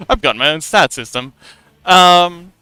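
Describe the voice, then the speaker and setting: Bright, giggly young man streaming. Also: sits high, clean tone, no room sound. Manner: giggly, rambling with many restarts. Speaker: livestream host. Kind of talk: casual explanation of a tabletop game.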